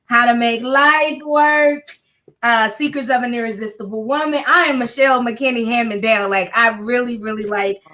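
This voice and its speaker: A woman's voice: fairly high pitch, fairly even intonation, moderate pace, sharp tone. A woman in her thirties hosting a casual chat on a video call, effusive and emotional, with slangy talk. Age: 30s. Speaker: host.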